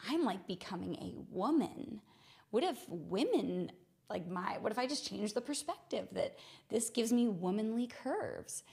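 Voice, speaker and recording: A young adult woman hosting a mindfulness podcast, telling a personal story in an earnest, reflective way and slowing down to stress key words. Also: mid-range voice, gravelly. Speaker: podcast host.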